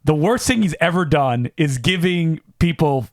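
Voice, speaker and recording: A man co-hosting a film podcast, chatting casually in an energetic, opinionated way. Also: fairly high pitch, normal speed, no room sound, clean studio sound. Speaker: podcast co-host.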